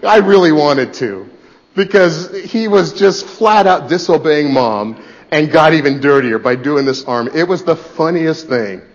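Pastor, male, lively pulpit delivery, loud-to-hushed swings, muffled lo-fi recording. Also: on the high side, a little slow. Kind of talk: sermon.

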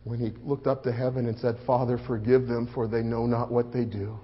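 A man playing a grieving male disciple in a dramatic first-person sermon, swelling loud for the crowd and sinking hushed and low. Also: level tone, brisk, lightly acted. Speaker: preacher in first-person monologue. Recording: muffled lo-fi recording.

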